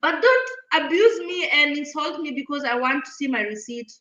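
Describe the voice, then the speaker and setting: A woman vlogger talks straight to camera, retelling a run-in with a lively, indignant energy. Her voice is high and bright. The room around her is echoey. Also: normal speed, dull audio. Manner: animated, indignant retelling with acted-out quotes. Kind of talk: casual storytelling to camera.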